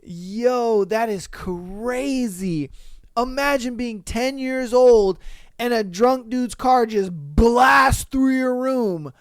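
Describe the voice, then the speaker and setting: A man reads listener stories on a podcast at an unhurried pace, with a smooth, clean tone. He breaks in with loud, profane outbursts between the readings. The sound is dry and close, with no room echo. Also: very high-pitched. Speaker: podcast host.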